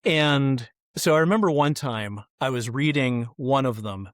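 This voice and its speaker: Animated middle-aged man telling stories. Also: medium pitch, unhurried, no room sound, studio quality. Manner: animated, acts out quoted voices. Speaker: kids ministry guest. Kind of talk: podcast interview storytelling.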